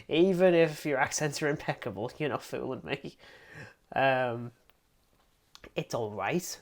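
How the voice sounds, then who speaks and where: A man's voice: medium pitch, takes it slowly. Rambling English man co-hosting a podcast. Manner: rambling and self-deprecating, with frequent "um"s and laughs. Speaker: podcast co-host. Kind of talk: casual film review chat.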